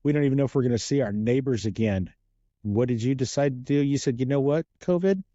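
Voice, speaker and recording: Male guest interviewer, jokey and lively, dark tone on a dull lo-fi recording. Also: medium pitch, quick pace, dry recording. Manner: energetic, joking, playful. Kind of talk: casual podcast interview.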